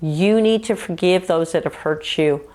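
A woman's voice: lowish voice, unhurried, darkish tone. A woman minister from the United States giving an earnest teaching sermon on dreams, mixing scripture with personal testimony. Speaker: Christian TV minister.

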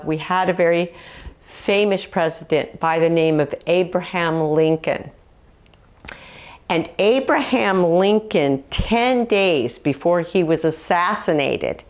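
A woman's voice: fairly low pitch, takes it slowly. A woman minister from the United States giving an earnest teaching sermon on dreams, mixing scripture with personal testimony. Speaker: Christian TV minister.

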